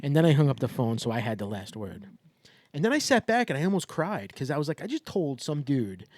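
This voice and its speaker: A man's voice: mid-range voice, no room sound, studio quality. A man co-hosting a podcast, telling stories in casual chat and getting worked up about things. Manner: animated storyteller, quick to get worked up. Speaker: podcast co-host.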